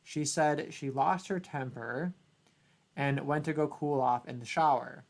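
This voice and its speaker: A man's voice: on the high side, unhurried, gravelly. Sarcastic man reading news aloud. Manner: sarcastic, profane, laughs often. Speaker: podcast host. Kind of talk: casual chat, reading a news article aloud.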